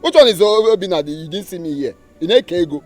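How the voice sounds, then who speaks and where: An actor playing a defensive, quick-tempered young man, speaking Nigerian English. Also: sits high, lively intonation, faint music behind. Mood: angry. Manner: argumentative, defensive. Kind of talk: Nollywood film acting.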